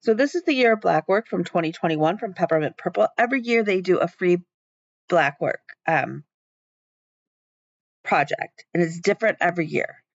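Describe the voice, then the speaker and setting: A woman's voice: on the low side, expressive, moderate pace, no room sound, dull audio. A woman vlogging about her stitching at home in a rambling, chatty way, with many ums. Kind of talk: casual chat.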